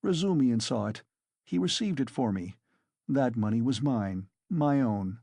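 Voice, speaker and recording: A man's voice: medium pitch, expressive, a little slow, gravelly, warm tone, slightly rough, no echo, clean studio sound, exaggerated voice. A man reading a tormented young man. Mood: brooding. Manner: anguished pleading. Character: young male student, tormented, desperate, bitter. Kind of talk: audiobook character reading.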